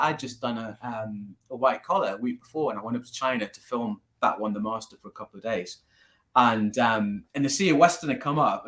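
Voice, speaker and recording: Geordie male guest, martial arts teacher, animated storyteller, mid pitch. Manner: storytelling, animated, laughs easily. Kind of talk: casual interview.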